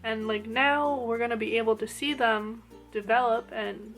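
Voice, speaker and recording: A woman's voice: on the high side, moderate pace, faint music behind. A young woman gushing through an anime episode review in casual chat, full of "like" fillers. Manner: gushing and animated, lots of "like" fillers.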